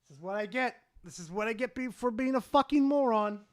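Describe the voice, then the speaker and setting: A young man streaming live, excitable and swearing, swinging from loud shouts to low mumbles. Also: fairly quick, no echo, clean studio sound. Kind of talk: casual live-stream chat.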